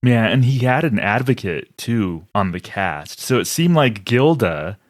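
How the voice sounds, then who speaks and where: A man's voice: mid-range voice, big pitch swings, unhurried, dry recording, clean studio sound. A man in his forties co-hosting a podcast in casual chat, thinking aloud in a reflective way. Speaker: podcast co-host.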